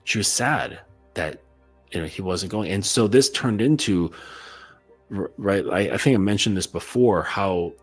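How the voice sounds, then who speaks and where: A man's voice: low-pitched, measured pace, faint music behind. A man acting as a coach, giving a casual instructional monologue in a loose, conversational way and checking in often with "okay?".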